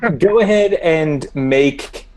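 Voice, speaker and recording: A man running a tabletop game as dungeon master, narrating in a relaxed, halting way with many fillers and laughs. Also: on the high side, slight background noise.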